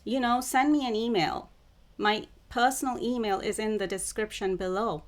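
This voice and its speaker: A woman who calls herself a psychic channeler, talking to camera in a spiritual monologue, with slow, deliberate phrasing that keeps circling back to the same words. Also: medium pitch, steady tone. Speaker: self-described psychic channeler.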